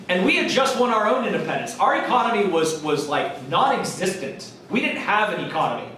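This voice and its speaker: A man gives a college history lecture in a casual, jokey way, acting out historical figures. His high-pitched voice is very animated, fairly quick, bright and forceful. The recording is echoey, captured from far off in the classroom, with a little hiss or hum.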